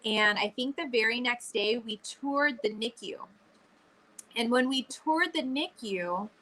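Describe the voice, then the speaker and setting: A woman's voice: fairly high pitch, animated, a little slow, bright, forceful tone, rough recording. A young adult woman chatting casually, recounting her experience in an earnest, reflective way. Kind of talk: casual chat.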